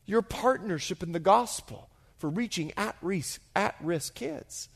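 Male pastor, sermon, high voice, very expressive pitch, hushed to shouting, middle-aged. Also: measured pace, gravelly, husky. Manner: animated storyteller, swings from hushed to shouting.

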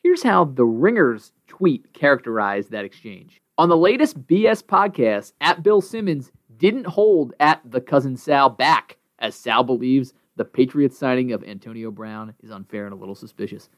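A man's voice: mid-range voice, lively intonation, normal speed, few pauses. A man co-hosting a podcast in a casual style, ranting with lots of swearing. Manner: profane, worked-up ranting. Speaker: podcast co-host.

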